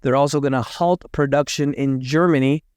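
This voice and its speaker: A man giving casual commentary on market and economic news, thinking aloud, hedging his facts and doing quick math as he talks. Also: mid-range voice, steady tone, darkish tone, smooth, no room sound, studio quality.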